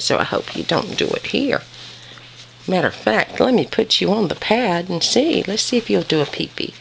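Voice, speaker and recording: A woman's voice: medium pitch, vocal fry, fairly bright tone, slight background noise. A woman filming her puppies at home on a handheld camera, cooing baby talk at them and explaining them as a breeder. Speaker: dog breeder. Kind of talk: home video narration.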